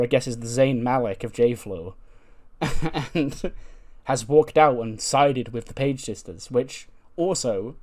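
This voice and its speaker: A man's voice: medium pitch, a little mellow. Chatty man narrating a wrestling game. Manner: chatty, wry, filler-heavy. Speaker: let's play host. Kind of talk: casual game commentary.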